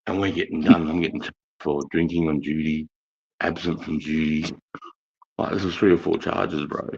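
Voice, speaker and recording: A middle-aged Australian man telling rowdy army stories in a coarse, profane, animated way on a casual live stream. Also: a bass voice, normal speed, creaky, slight background noise. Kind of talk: casual storytelling chat. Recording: dull lo-fi stream audio.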